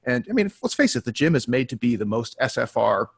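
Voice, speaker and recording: A man's voice: medium pitch, sing-song, a little fast, vocal fry, breathy edge. A man co-hosting a casual talk webinar and coaching clients, easygoing and a bit hesitant, often trailing off. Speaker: co-host and coach. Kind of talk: casual chat.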